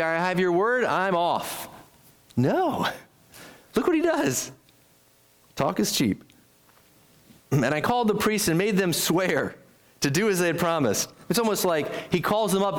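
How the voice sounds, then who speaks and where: A man preaching a sermon, animated and conversational, often asking the congregation questions and acting out quoted lines. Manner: acts out quoted speech with sharp jumps in pitch. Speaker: pastor.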